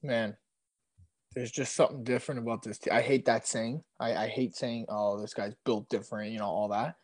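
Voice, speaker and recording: A young man from Canada telling a podcast host about a football trip, excitable and laughing often, repeating himself as he goes. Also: medium pitch, fairly quick, no echo. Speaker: podcast guest. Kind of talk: casual sports chat.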